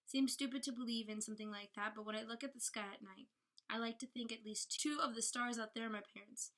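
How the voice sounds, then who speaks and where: A woman reading aloud as a guarded, earnest young male alien, in a soft, low-key way. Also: fairly even intonation, fast talker, natural voice. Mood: wistful.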